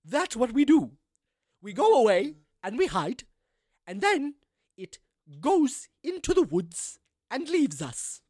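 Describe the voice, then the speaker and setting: A prim, over-articulated woman mayor speaks with crisp consonants and a curious accent, as a man puts her on. Her voice sits higher and swings about, recorded close and dry. It sounds like tabletop role-play. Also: sing-song, slow pace, no room sound, exaggerated voice. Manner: odd put-on accent.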